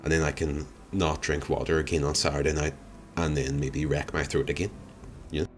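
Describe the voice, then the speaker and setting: Young male streamer, low voice, dry self-mocking chatter over quiet background music. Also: level tone, a little fast. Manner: rambling, wry and self-deprecating. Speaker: live streamer. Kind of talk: casual chat reading out viewer comments. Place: home streaming room.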